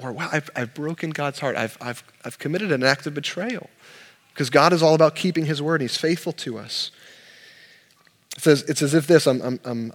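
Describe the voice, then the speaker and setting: Earnest man preaching in a reverberant church. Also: fairly high pitch. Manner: earnest, animated, with many restarts and repeated words. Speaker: pastor. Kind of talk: sermon.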